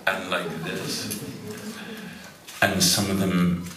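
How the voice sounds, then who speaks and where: A man in his fifties spins dry, understated stories at a slow, unhurried pace. His voice sits very low, and it carries from some distance in an echoey hall with steady noise underneath. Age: 50s. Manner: dry, wry, understated delivery with many hesitations. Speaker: guest speaker at a film festival talk. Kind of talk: anecdotal storytelling on stage. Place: festival event hall with live audience.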